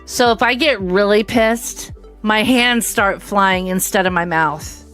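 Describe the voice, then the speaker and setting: A woman's voice: medium pitch, slow, a bit bright, clear, resonant tone, faint music behind. A woman in her fifties with a slight Southern American accent who is hard of hearing, chatting casually and rambling as she hosts a game livestream and greets viewers by name. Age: 50s. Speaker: livestream host. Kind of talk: casual chat with viewers while streaming a game.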